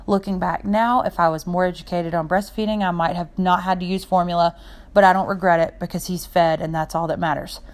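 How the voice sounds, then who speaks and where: A young woman talks through her podcast off the cuff, sincere and heartfelt, and drifts from one point to the next. Her voice sits a little low for a woman. She speaks in a loose, personal monologue with no notes. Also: steady tone, fairly quick. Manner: rambling and heartfelt, jumps between points. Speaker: podcast host.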